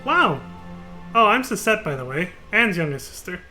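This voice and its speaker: A man's voice: sits high, sing-song, normal speed, pushed and bright, soft background music, heavily acted. A man voicing a young woman from a video game, reading her lines in a prim, proper way. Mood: chirpy. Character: young woman, a chirpy polite game character.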